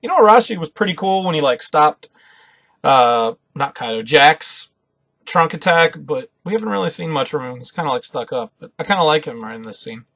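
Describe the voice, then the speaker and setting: A man hosting a live reaction, reading manga dialogue aloud and commenting excitedly between lines. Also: on the high side, a little fast, vocal fry, no room sound. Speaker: reaction video host.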